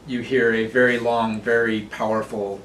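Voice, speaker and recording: A man narrating as game master, loose and unhurried, stopping often for fillers as he describes the scene. He sits away from the mic in an echoey room, with a faint hiss behind him. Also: medium pitch, distant mic. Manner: relaxed, many fillers.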